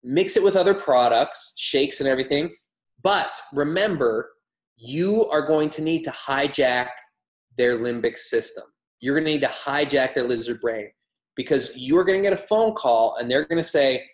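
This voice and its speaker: A man leads a motivational training session, keeping it energetic, emphatic and laced with humor. His voice sits mid-range and carries a noticeable echo from a roomy space. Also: mid-range voice, normal speed. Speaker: wellness product trainer.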